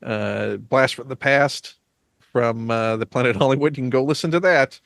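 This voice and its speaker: Male host, chatty and teasing, mid pitch, dry close-mic sound. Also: normal speed, creaky, fairly bright tone, no echo. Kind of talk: casual interview.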